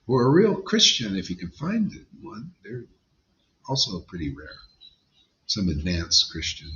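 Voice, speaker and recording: Emphatic man preaching with lively pitch. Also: unhurried, dull audio. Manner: emphatic, blunt, slangy. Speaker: spiritual teacher. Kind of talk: informal devotional sermon.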